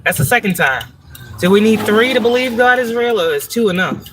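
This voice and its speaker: A woman's voice: mid-range voice, lively intonation, a little fast, background noise. A woman chatting casually on a live stream while driving, profane and rambling, laughing often. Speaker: spiritual vlogger. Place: in a car, driving. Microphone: phone.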